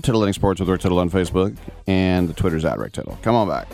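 Low-voiced guy hosting sports radio, jokey and loose, faint music behind. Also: sing-song, gravelly, darkish tone. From San Francisco Bay Area. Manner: loose, joking, jumps quickly between topics. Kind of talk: casual sports talk radio.

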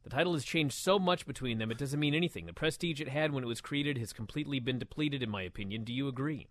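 A man co-hosting a casual wrestling talk show, reading listener comments aloud in an animated, mock-outraged way. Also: mid-range voice, quick pace, no room sound.

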